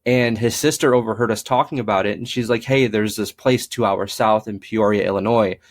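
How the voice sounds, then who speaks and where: A man's voice: lowish voice, fairly even intonation, fairly quick. A young man, a paranormal investigator, telling stories in a casual interview, with lots of fillers and acted-out quoted lines. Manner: rambling, frequent fillers, acts out quoted dialogue.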